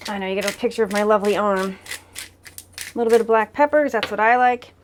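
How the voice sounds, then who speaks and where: A woman's voice: medium pitch, steady tone, fast, slight background noise. A woman talking casually as she cooks in her home kitchen, narrating each step of a cooking demo as she goes. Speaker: cooking vlogger.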